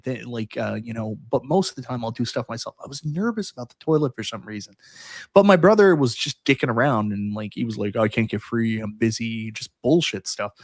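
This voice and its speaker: A loose, joking man hosting a relaxed chat, swearing freely and acting out other people's lines. His voice sits in a middle pitch. The sound is close and dry. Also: creaky, dry recording. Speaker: host. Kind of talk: casual podcast chat.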